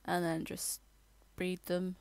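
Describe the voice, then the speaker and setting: A woman rambling through a casual game voiceover, halting and restarting as she tours her builds. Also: on the low side, completely flat delivery, a little mellow, no room sound. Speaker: gamer giving a tour.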